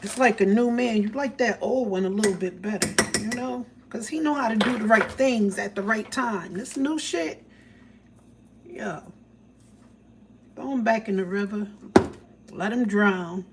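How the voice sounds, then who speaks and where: A woman's voice: medium pitch, a little slow. Joking profane woman livestreaming from a kitchen. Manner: loose, joking, profane, laughs often. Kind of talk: casual livestream chat while cooking. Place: home kitchen. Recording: distant phone mic with background noise.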